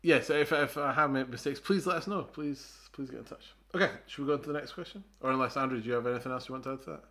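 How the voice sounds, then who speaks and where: A man's voice: mid-range voice, fairly even intonation, rapid-fire, few pauses, bright, forceful tone. A man co-hosting a podcast, explaining things in a casual, hesitant way with many fillers and restarts. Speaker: podcast co-host. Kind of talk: casual chat.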